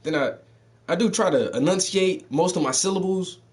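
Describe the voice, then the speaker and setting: A man with a fairly high voice talks at normal speed as a podcast host telling stories casually. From the Southern United States, he has a mixed Southern and Northern US accent and uses loose, profane street slang, laughing often.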